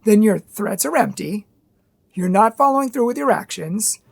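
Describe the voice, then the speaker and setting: Husky, earnest woman giving parenting advice. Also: mid-range voice, expressive, normal speed. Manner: earnest, emphatic, repetitive lists. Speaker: parenting and faith video host. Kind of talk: direct-to-camera advice monologue.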